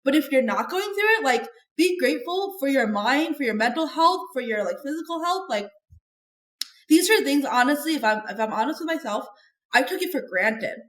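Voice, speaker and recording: A woman's voice: high-pitched, expressive, normal speed, fairly bright tone. Chatty woman in an echoey room. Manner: chatty and earnest, heavy use of "like". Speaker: podcast guest. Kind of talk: candid conversational interview.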